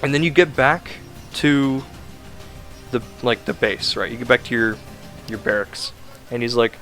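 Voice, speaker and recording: A man's voice: medium pitch, a little slow, pushed and bright, soft background music. A man giving a casual, rambling game review, ranting in an exasperated, sarcastic way with lots of fillers.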